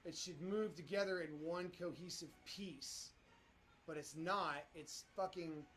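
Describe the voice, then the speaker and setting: A man streaming live who swears constantly and talks at his software, frustrated as he works. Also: fairly high pitch, a little slow. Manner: profane, frustrated, talks at the program. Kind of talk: live-stream commentary while working in software.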